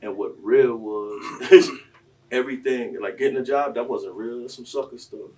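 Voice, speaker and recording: A man, telling stories on a panel in a preachy, impassioned way that swings between quiet and loud. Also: medium pitch, moderate pace, recorded from a distance, slight background noise. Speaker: panel speaker.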